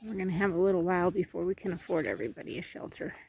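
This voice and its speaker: A woman's voice: animated, rapid-fire, vocal fry, darkish tone, husky. A woman giving a casual walking tour of her homestead outdoors, chatting and cooing to her animals. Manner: chatty, coos to animals in a higher voice. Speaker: homestead vlogger. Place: outdoors on a farm.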